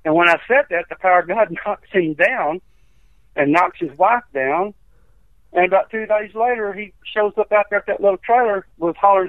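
A man's voice: high-pitched, fairly quick, dry recording. A man, an evangelist telling healing testimonies in a rambling, folksy way, acting out the quotes. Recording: tinny dry phone line.

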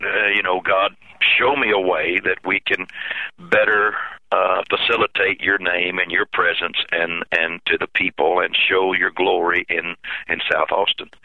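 A man who is a pastor, telling his own story in an interview, halting and earnest, repeating words and restarting often. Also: low voice, steady tone, vocal fry, dry recording. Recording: tinny phone-line sound.

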